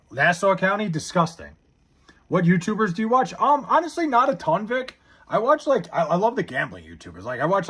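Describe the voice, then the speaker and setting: A man's voice: fairly high pitch, fairly bright tone, husky. A young man from Long Island, New York, chatting on a live stream and reading viewer comments aloud in a blunt, profane, half-laughing way.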